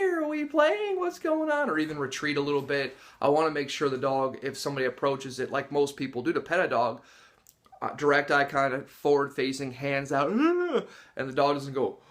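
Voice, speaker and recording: A man in an ordinary middle pitch, talking through dog training in a casual, explanatory way. He gets animated and acts out little reactions with gasps and chuckles as he goes. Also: fairly quick. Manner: animated storyteller who acts out dogs' and people's reactions with gasps and laughs. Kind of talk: casual instructional talk to camera.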